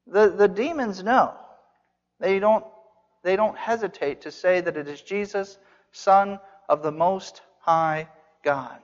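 Delivering an expository sermon, this man speaks slowly in a voice that sits high. He is earnest and emphatic and repeats phrases to stress them, and the audio is dull with a long hall reverb.

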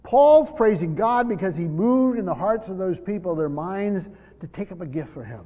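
A high-pitched male pastor preaches a verse-by-verse sermon, earnest and insistent, hammering key words and doubling back on phrases. The recording is dull and lo-fi, and his voice rings through a church hall with a long reverb tail. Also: lively intonation, moderate pace. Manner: earnest, repeats words, stresses key words, voices imagined speakers.

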